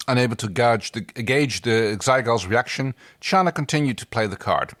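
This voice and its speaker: A man co-hosting a podcast reads a story aloud in a relaxed, casual way. His voice sounds close and dry, with no room echo, and he adds deadpan asides. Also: medium pitch, moderate pace. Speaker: podcast co-host and reader.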